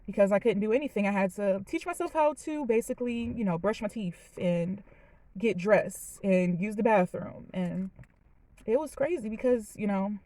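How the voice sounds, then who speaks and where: A woman's voice: mid-range voice, normal speed, warm tone, dry recording, poor audio. Chatty young woman telling her story. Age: late 20s. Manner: candid, chatty, emotional, many "you know"s. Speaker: vlogger. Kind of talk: personal storytime. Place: parked car.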